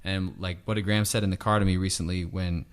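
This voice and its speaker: A man's voice: low voice, level tone, quick pace, clear, resonant tone. A man in his thirties hosting a casual conversation, reflecting aloud and leaning on "like" as he goes. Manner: reflective, thinks aloud with many "like" fillers. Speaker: podcast host and stay-at-home dad.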